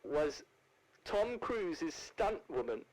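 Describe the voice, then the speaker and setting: A grand, plummy older actress who drawls and keeps calling people darling and dear, as a man puts her on. The voice sits fairly high for a man and sways broadly and theatrically through each phrase. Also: a little slow, poor audio. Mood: grandly theatrical. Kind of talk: comedic celebrity impression.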